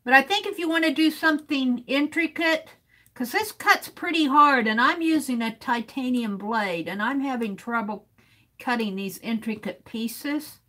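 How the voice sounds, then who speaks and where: A woman's voice: sits high, normal speed, bright, forceful tone. A woman chatting casually with viewers on a live art stream while she cuts a stencil, greeting people by name and sounding out words playfully.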